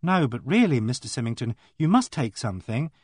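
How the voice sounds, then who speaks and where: A man's voice: mid-range voice, sing-song, a little fast, no room sound, studio quality. A male reader voicing a kindly young woman who chatters earnestly and fusses over others. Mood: coaxing.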